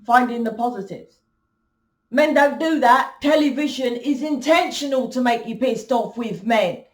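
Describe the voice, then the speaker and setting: A woman's voice: a little high, normal speed, roomy sound, recorded from a distance. A woman giving a spiritual reading to her viewers, blunt and emphatic, swearing freely. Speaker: spiritual reader. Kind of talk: casual monologue to viewers.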